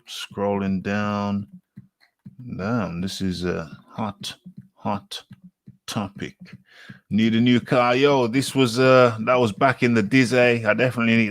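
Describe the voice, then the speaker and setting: A man's voice: on the low side, no room sound. A British man hosting a live boxing talk stream, reading comments aloud and rambling and correcting himself as he scrolls.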